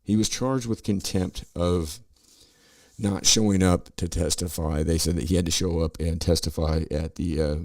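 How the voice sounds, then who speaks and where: With a steady tone at a moderate pace, this middle-aged man's low voice sounds a little mellow and carries no echo. As a podcast host he rants, curses and mocks while reacting to political news clips.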